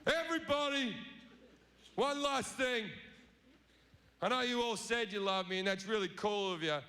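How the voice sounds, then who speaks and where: A man's voice: very high voice, moderate pace, pushed and bright, exaggerated voice. An Australian man playing a petty, bigoted male God who swears constantly, whining and then exploding. He performs it live in front of a comedy crowd. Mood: wheedling. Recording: live venue with audible noise.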